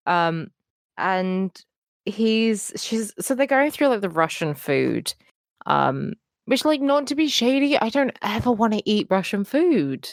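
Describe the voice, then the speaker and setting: A woman's voice: mid-range voice, big pitch swings, slow pace, no room sound. A woman co-hosting a podcast, chatting casually, swearing and acting out quotes in shifting voices. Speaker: podcast co-host. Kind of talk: casual chat.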